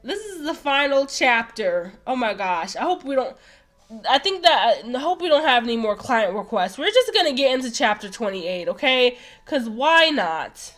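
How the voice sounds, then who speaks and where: A woman reading a visual novel aloud for her channel, gushing and excitable between passages. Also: on the high side, normal speed, faint music behind. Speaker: let's play host.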